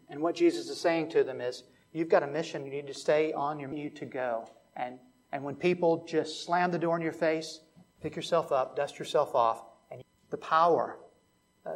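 A man preaching a sermon as pastor, telling a story and rising to emphatic preaching. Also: a little high.

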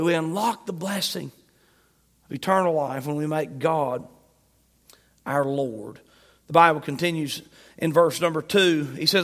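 A male pastor preaching a Sunday sermon, emphatic, swinging between loud and soft. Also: sits high. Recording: long hall reverb.

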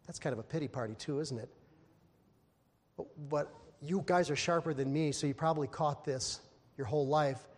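A man preaching a sermon, telling a story with animated voices for the characters. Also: a little high, normal speed, pauses often, long reverb tail.

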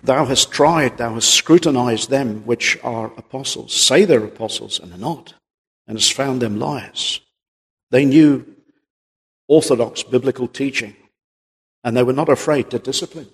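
A man's voice: mid-range voice, measured pace, slightly rough. A man preaching a sermon in an earnest, emphatic way, reading old-style scripture aloud. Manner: earnest, emphatic, quotes King James scripture. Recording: long reverb of a large hall.

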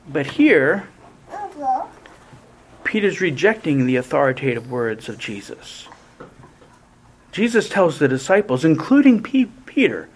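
A man preaching a sermon in a deliberate, emphatic way, often restarting his phrases. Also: sits high, very animated, slightly rough.

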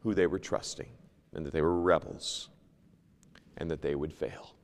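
Guy teaching sunday school from the bible, reads old scripture out loud, gets loud then quiet, echoey church. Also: a bass voice, moderate pace. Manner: animated, swings from loud emphasis to hushed asides; reads King James scripture aloud.

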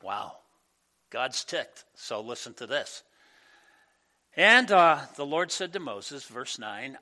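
A male pastor giving a conversational sermon in a church, animated and full of asides. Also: medium pitch, slow pace, long pauses.

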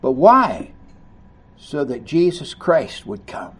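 A man preaching a sermon, reading scripture aloud and commenting on it, rising to loud emphasis on key lines. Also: on the high side, very animated, slow pace, husky. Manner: reads scripture aloud and comments between passages.

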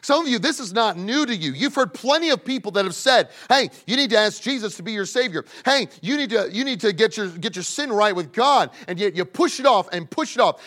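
High-voiced emphatic preacher man. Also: animated, fairly quick, few pauses. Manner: emphatic, swings between loud pleading and hushed asides; speaks directly to young people in the congregation. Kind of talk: sermon.

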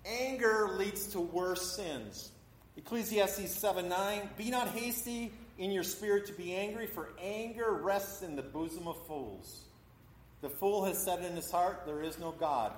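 A man's voice: high voice, measured pace, a little hiss or hum. A middle-aged man preaching a sermon to a congregation, acting out the voices of people in his stories as he teaches. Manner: acts out voices in quotes, talks with a congregation. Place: church hall. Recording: echoey hall.

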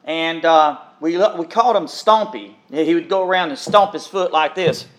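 Male preacher, higher voice, earnest sermon delivery with repetitions and pauses. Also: a bit bright, a little hiss or hum. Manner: earnest, pausing, repeats words, addresses listeners as beloved.

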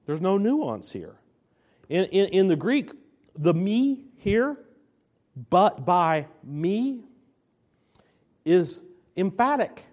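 A man preaching a sermon, slow and emphatic, stressing and repeating his key phrases. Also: high voice, very animated, a little mellow.

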